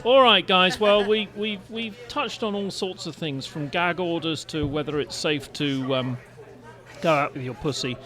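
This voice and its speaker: A man's voice: on the high side, unhurried, bright, forceful tone. An English man from London hosting a podcast, chatty and wry, with polite phrasing. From England. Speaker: podcast host. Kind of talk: casual panel chat.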